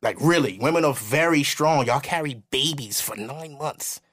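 A young man hosting a podcast, talking bluntly and preaching in a loose, casual way. When he quotes other people, he mimics them in high, mocking voices. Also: normal speed, a bit bright. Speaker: podcast host.

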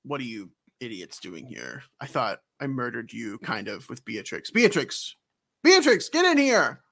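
A man putting on a scheming, contemptuous queen from a video game in a low, scornful voice. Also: animated, moderate pace, vocal fry, pushed and bright, full character voice.

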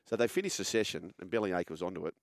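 A man hosting a casual sports chat, telling an animated yarn. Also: low-pitched, quick pace, dry recording, studio quality.

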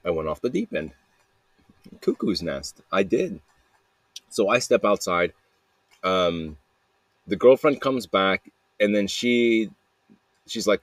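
A man's voice: sits low, sing-song, slow, long pauses, no echo. A man talking in a casual, rambling confessional monologue, repeating himself and tossing in "man" and "dude" with plenty of swearing. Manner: rambling and repetitive, peppered with "man" and "dude", profane. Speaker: podcaster sending a voice message.

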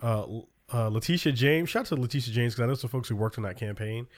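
A man with a middle-pitched voice hosts a relaxed talk show. He rambles through a news list with frequent fillers and restarts, upbeat and informal. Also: quick pace. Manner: loose, filler-heavy rundown of news. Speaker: podcast host. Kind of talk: casual political chat.

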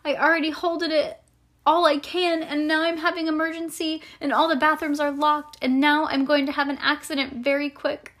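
A woman voicing an excitable little schoolgirl who rambles in breathless run-on sentences. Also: high-pitched, normal speed, pitched above the performer's own voice. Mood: pleading.

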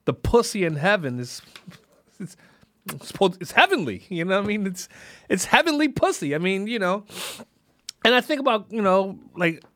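Recorded dry and at studio quality, a man with a slightly high, somewhat bright voice hosts a podcast. He wanders through a casual, reflective monologue, full of "you know" and frequently starting his sentences over.

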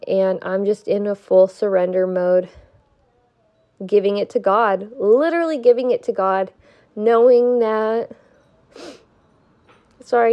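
A woman's voice: medium pitch, lo-fi sound. A young woman with a stuffy nose giving an earnest, heartfelt spiritual pep talk to her viewers, swearing now and then for emphasis. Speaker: vlogger.

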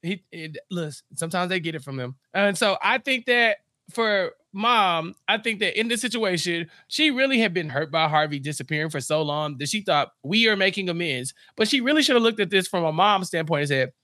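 A man co-hosting a podcast in casual chat, animated and acting out characters' lines as he recaps an episode. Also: high voice, a little fast, dry recording, clean studio sound. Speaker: podcast co-host.

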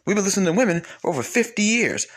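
A man's voice: sits high, very animated, fast talker, husky. A young man talking in a heated, casual monologue, swearing and repeating himself, his voice climbing when he gets worked up.

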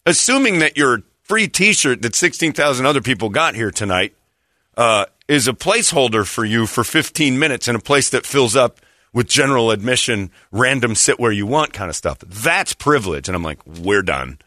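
A man's voice: normal speed, no echo, clean studio sound. A man telling a story in casual chat, acting out the people he quotes. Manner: animated, acts out quotes with raised pitch.

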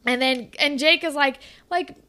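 A woman's voice: high-pitched, a little slow, pushed and bright. A woman in casual chat, animatedly recapping a TV episode, swearing often and acting out the characters' lines. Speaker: podcast co-host recapping a TV episode.

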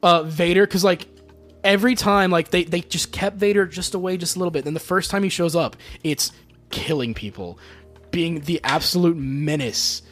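A fairly high-pitched man talks with a podcast co-host in a loose, excitable way. He swears freely and keeps restarting his thoughts. Faint music sits under him. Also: moderate pace. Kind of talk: casual chat.

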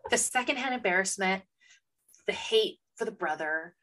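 A young woman co-hosts a casual book podcast, voicing strong opinions emphatically and swearing casually. Her mid-range voice is expressive, pushed, and bright, at a moderate pace.

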